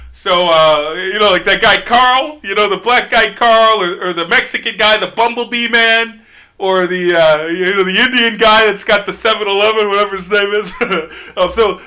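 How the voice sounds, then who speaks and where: A man's voice: high-pitched, pushed and bright. Sex: man. Role: podcast guest host. Style: casual comedic chat. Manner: rambling, brash, laughing.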